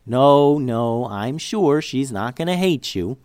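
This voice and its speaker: A man's voice: medium pitch, expressive, takes it slowly, darkish tone, dry recording, studio quality. A man voicing a kind, motherly woman who comforts a child at a party, speaking in a reassuring way. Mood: soothing. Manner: soothing and reassuring.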